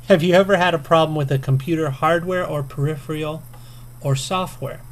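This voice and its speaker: A man's voice: on the high side, brisk. A man vlogging casually to camera, chatty and self-deprecating, with frequent ums and little chuckles. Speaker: video game vlogger. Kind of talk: casual to-camera tag response.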